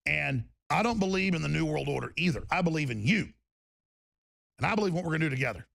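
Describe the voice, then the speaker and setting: A man's voice: a little high, lively intonation, fast talker, creaky, a bit bright, no room sound. A man hosting a political talk radio show, ranting emphatically and restarting his sentences over and over. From Texas.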